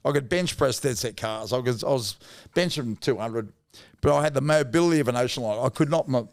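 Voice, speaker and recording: A man in his fifties with a broad Australian accent tells stories from his playing days, blunt and full of slang and the odd swear. His voice is gravelly, with a rough fry in it. He talks at a middling pitch in a relaxed, chatty interview. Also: brisk. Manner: blunt, laddish yarn-telling with slang and swearing. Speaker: guest, former rugby league player. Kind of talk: casual storytelling interview.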